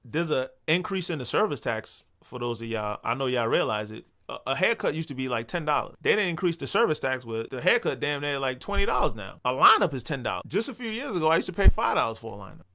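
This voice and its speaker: A man's voice: fairly high pitch, very animated, fast, pushed and bright. A young man, ranting bluntly and profanely in a casual talk as the show's host. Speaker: vlog host. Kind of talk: casual rant.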